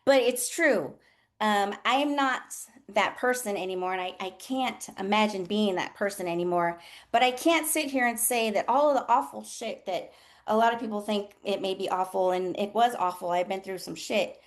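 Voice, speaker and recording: A woman's voice: mid-range voice, moderate pace. A woman who works as a nurse coach, hosting a candid motivational talk with a group and swearing freely in an earnest, emotional way. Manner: talks to listeners as y'all.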